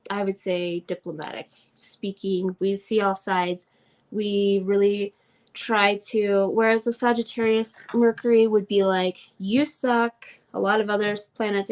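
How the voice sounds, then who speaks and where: A woman from Oklahoma hosting a casual livestream astrology class, chatty and quick to laugh, acting out little quoted voices. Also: on the high side.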